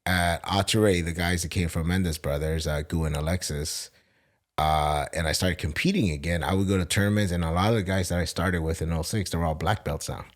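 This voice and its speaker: A man's voice: deep voice, fairly quick. A man hosting a casual podcast, telling long profane stories and acting out what others said. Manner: profane, animated storytelling with acted quotes. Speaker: podcast host, Marine veteran.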